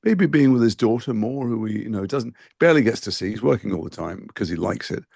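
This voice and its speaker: A man being interviewed about a role he played, talking quickly in a conversational way with frequent restarts. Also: lowish voice, lively intonation, vocal fry, darkish tone, breathy edge, dry recording, clean studio sound. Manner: talks fast with frequent restarts and fillers. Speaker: actor interviewed as guest.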